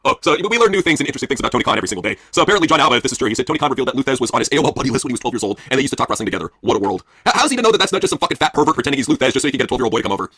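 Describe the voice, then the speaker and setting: Fast-talking profane man, bright and husky. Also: mid-range voice, very animated, dry recording, studio quality. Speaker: podcast co-host. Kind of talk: crude wrestling news banter.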